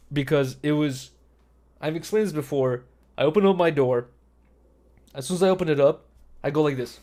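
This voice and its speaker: Young guy streamer ranting to chat, kinda high voice, swears nonstop, bro this bro that. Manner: profane, animated, full of "bro" and "like". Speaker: livestream host. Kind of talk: casual storytelling to stream chat.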